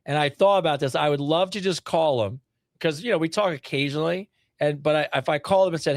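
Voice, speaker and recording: A man's voice: a little high, fast, no room sound, studio quality. A man co-hosting a podcast in casual chat, enthusiastic and acting out little scenes. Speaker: podcast co-host.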